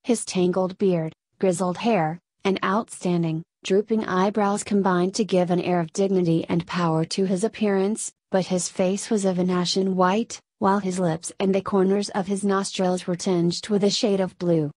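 A woman narrates a story in a steady, even audiobook reading. The recording is dry and close. Her pitch sits in a middle range. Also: normal speed, few pauses, no room sound.

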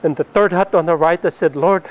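Man giving a lively testimony. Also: a little high, quick pace. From northern Philippines. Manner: animated storytelling that swells up and then drops soft at the ends of lines. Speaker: missionary pilot and Bible translator. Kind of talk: testimony speech to an audience.

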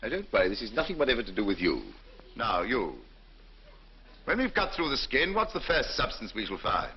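An actor playing a booming, bullying old surgeon. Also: male voice, very animated, fairly quick, slight background noise, close to an everyday voice. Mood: lecturing. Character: blustering older male surgeon lecturing students. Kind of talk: 1950s film acting. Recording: dull old film soundtrack.

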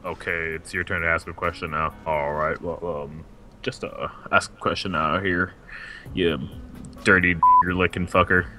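A young man playing a foul-mouthed girlfriend in an improvised comedy skit, talking deadpan and crude with a country twang that keeps slipping in. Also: low voice, moderate pace, loud music behind the voice, lightly acted. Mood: gruff mock-insult.

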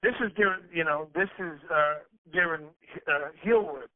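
A man's voice: on the high side, normal speed, dry recording. A man being interviewed, telling a loose story full of swearing and stammered restarts. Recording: dry, tinny phone-like sound.

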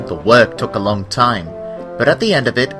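A man narrating a children's train story in a measured, expressive storybook style. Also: medium pitch, music in the background.

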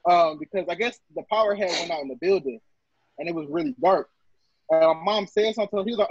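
A man's voice: sits high, lively intonation, fast, gravelly, husky, dry recording. A man co-hosting a podcast, chatting casually and telling stories with frequent laughs. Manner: storytelling, laughs often. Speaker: podcast co-host. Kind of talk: casual chat. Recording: dull lo-fi dry recording.

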